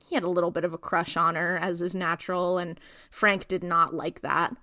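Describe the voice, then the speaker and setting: A woman co-hosting a podcast, recapping a TV episode in a casual, animated way and acting out the characters' lines. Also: fairly low pitch, moderate pace, no room sound, clean studio sound. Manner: animated retelling, acts out quotes. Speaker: podcast co-host.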